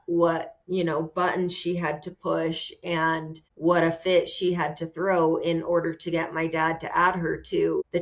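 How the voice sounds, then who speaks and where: Blunt, heated woman on dull audio. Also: lowish voice. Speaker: podcast host. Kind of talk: casual commentary. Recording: dull lo-fi sound.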